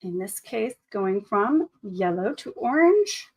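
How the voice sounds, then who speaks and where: A woman's voice: mid-range voice, very animated, slow pace. A woman art teacher leading a painting tutorial for children, upbeat and encouraging, speaking to the viewer as to her students. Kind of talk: classroom drawing tutorial.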